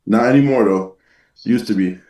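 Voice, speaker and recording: A young man, a football player, being interviewed in a relaxed way, with plenty of fillers like um and nah. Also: fairly low pitch, moderate pace. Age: young adult. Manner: laid-back, uses fillers like um and nah. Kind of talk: casual interview chat. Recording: echoey, distant call audio.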